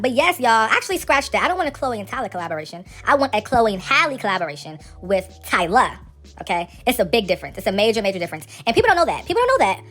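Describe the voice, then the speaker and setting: Sassy fast-talking gossip woman. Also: a little high. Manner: sassy, slangy, animated. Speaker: celebrity gossip host. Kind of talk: casual gossip commentary.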